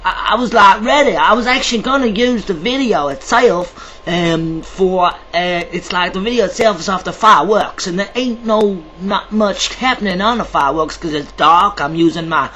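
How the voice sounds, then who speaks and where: A man's voice: high voice, moderate pace, sharp tone, slight background noise, poor audio. A man vlogging to camera in a rambling, chatty way, theatrical and self-described as dramatic. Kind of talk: rambling casual monologue to camera.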